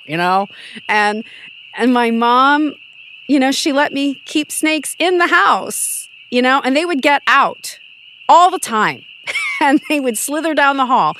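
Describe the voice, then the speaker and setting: A woman's voice: on the high side, lively intonation, unhurried, fairly bright tone, slight background noise, poor audio. A middle-aged woman, a podcast guest, telling personal family stories in a casual, emotional way, with frequent restarts. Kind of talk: casual conversational storytelling.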